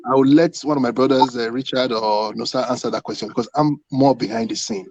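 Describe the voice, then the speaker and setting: A man's voice: mid-range voice, brisk, a little mellow, no echo, highs cut off. A man working behind the scenes in music management, answering in a hesitant, reserved way. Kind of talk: casual interview answer.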